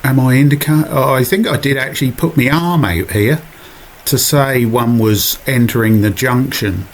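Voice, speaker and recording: A man's voice: mid-range voice, moderate pace. A man with a Suffolk accent narrating his own cycling video in a chatty, self-mocking voiceover full of asides. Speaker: vlogger.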